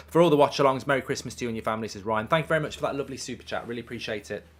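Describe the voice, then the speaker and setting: A watchalong streamer with a medium-pitched voice talks rapid-fire while he has the hiccups. Chatting casually on his live stream, he reads viewer messages aloud and says "um" a lot.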